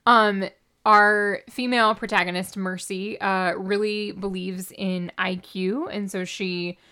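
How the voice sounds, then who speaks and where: A woman's voice: mid-range voice, slow, clear, resonant tone. Wry woman recapping a book. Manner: wry, animated, reads passages aloud. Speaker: podcast co-host reviewing a book. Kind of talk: casual chat.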